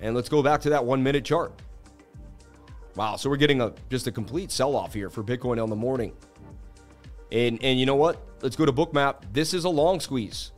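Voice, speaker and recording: A man hosting a live-streamed market analysis, talking in an animated, casual, hype-driven way. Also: mid-range voice, a little fast, faint music behind. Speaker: crypto market analyst host.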